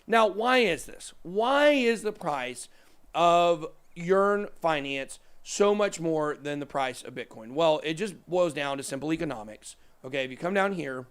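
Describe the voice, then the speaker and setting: A man's voice: a little high, lively intonation, unhurried, smooth. A man in his thirties hosting a casual crypto show, rambling through price charts with joking, self-deprecating asides. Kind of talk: casual chat over live price charts.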